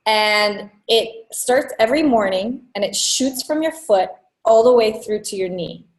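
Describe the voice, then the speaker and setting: A woman giving a casual, blunt coaching talk to students, swearing freely and dropping quick asides. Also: on the high side, expressive, roomy sound, poor audio. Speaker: online business coach.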